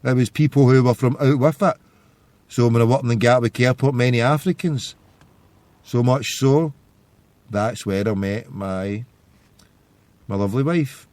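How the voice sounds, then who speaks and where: A man's voice: medium pitch, measured pace, pauses often, a little mellow, dry recording. A man, hosting a podcast and telling stories in a loose, rambling monologue. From Scotland. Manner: rambling storytelling. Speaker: podcast host. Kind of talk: casual monologue.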